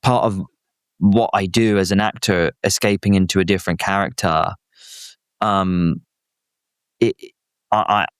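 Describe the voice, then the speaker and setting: A young British man, a guest actor, chatting casually with animated, self-deprecating, rambling stories. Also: deep voice, measured pace, long pauses, clear, resonant tone, dry recording, clean studio sound. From Britain. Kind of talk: casual chat.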